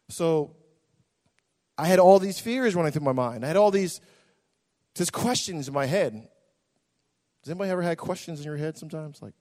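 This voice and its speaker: High-voiced preacher in a reverberant hall. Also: male voice, lively intonation, normal speed, long pauses. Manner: impassioned, repetitive, swings from hushed to shouting. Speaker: pastor. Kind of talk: sermon testimony. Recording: long reverb of a large hall.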